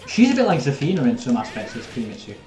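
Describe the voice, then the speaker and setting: A young man, chatting easily with his viewers as he plays live and talks through each round. His voice sits at an ordinary middle pitch and carries a roomy echo. Faint game music plays beneath him. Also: huge pitch swings, rapid-fire, a little mellow. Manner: casual, chatty, talks to viewers while playing. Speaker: streamer. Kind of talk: live gameplay commentary.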